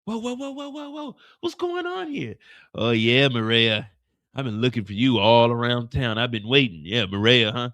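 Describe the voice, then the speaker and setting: A man voicing a cocky male hitman who threatens in a slow, taunting drawl, his voice dropped low. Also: expressive, fairly bright tone, dry recording, studio quality.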